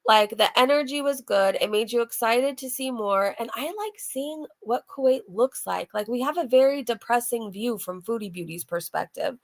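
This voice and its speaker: A woman's voice: on the high side, expressive, moderate pace, vocal fry, hardly any pauses. A woman hosting a casual reaction channel, chatting to her viewers and laughing often.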